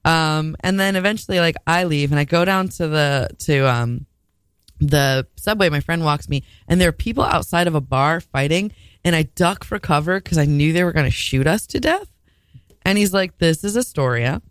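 A woman's voice: sits low, animated, moderate pace, smooth, dry recording. A woman telling a rambling, self-mocking story in casual radio chat.

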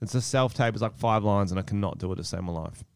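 A man's voice: on the low side, fast talker, smooth, dry recording, studio quality. An Australian man co-hosting a podcast in loose, joking banter, swearing freely. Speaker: podcast co-host. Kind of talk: casual banter.

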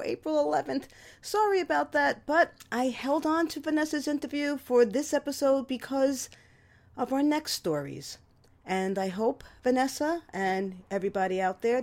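A woman hosting a radio show, reading her own humorous memoir story with a sarcastic, lively delivery. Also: mid-range voice. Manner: lively, sarcastic storytelling with animated quoted voices.

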